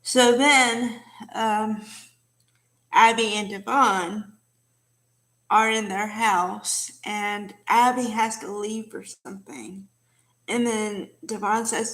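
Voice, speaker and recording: A woman's voice: medium pitch, fairly even intonation, slow, fairly bright tone. A woman casually recapping a soap opera episode, chatty with many fillers and asides.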